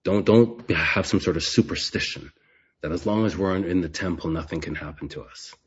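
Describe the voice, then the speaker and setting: A man with a very deep, husky voice walks through scripture in an unhurried teaching manner, circling back and repeating his words as he goes. The recording is dull and lo-fi. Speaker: Bible teacher. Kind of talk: expository Bible teaching.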